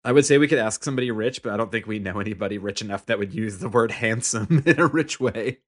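A man's voice: lowish voice, fast talker. A man co-hosting a podcast in casual chat, making joking asides. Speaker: podcast co-host.

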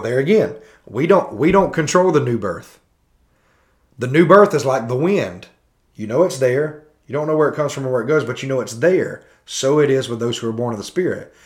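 Thirties male host, mid-range voice, earnest preacher's cadence for sermon critique. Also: mid-range voice. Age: 30s. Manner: earnest, preacherly, with rhetorical questions. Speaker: podcast host.

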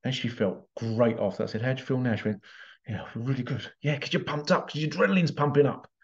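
A man's voice: mid-range voice, fast talker, highs cut off. A man telling a story as a parent in a casual motivational talk, acting out the voices of the people in it. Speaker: parent giving life advice.

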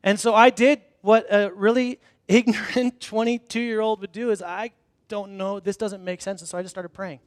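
High-voiced man preaching casually. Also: steady tone, moderate pace, dry recording, studio quality. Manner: casual storytelling with frequent restarts; self-deprecating humor. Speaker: pastor. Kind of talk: conversational sermon. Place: church hall before a congregation.

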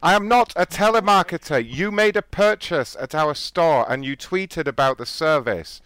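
A man's voice: on the high side, moderate pace, fairly bright tone, clear, resonant tone, dry recording. A man making a prank phone call as a fake store owner, brash and mock-polite, swearing freely.

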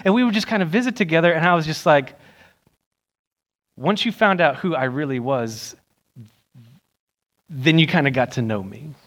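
A young man preaching a sermon in a church, animated and acting out the voices he quotes. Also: brisk. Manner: animated, acts out quoted voices with rising pitch. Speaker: pastor. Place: church sanctuary.

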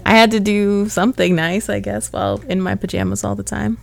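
A woman hosting a podcast, chatting casually, relaxed and self-deprecating, quick to laugh. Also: mid-range voice, vocal fry. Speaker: podcast host. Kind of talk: casual chat.

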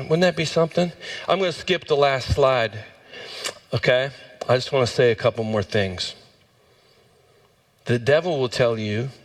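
A male pastor preaching a sermon with passion, his voice rising sharply for emphasis. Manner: impassioned, swings up in pitch for emphasis.

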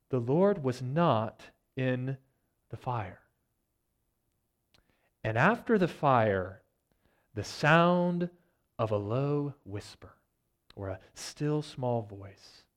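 A man, a church elder, preaching a sermon, reading scripture and retelling it with mounting intensity before dropping to a soft, low delivery. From Virginia, United States. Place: church sanctuary.

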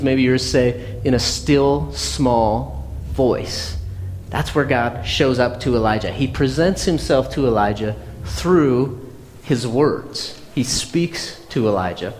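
A man delivers a sermon in a relaxed, conversational way, reading a scripture passage and then talking it through. His voice carries a long reverb from a large hall, with a faint hiss underneath. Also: medium pitch. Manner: conversational, acts out people's prayers in a mock voice. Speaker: pastor.

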